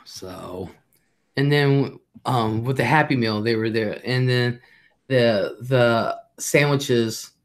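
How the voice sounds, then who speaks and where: A woman's voice: very deep voice, takes it slowly. An older woman hosting a live chat show, telling rambling, profane stories in a blunt way and reading out viewer comments.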